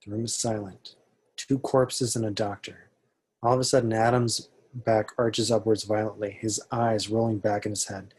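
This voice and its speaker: A man reading the stage directions at an amateur table read, steady and matter-of-fact. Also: fairly low pitch, moderate pace, slight background noise.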